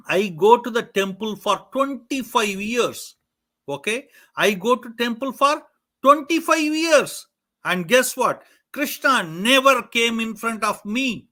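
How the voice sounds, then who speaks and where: Man voicing a strict angry dad, scolding, repeating himself, high bright voice. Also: heavily acted. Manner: scolding, repeats his points. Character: stern angry father, devout and strict.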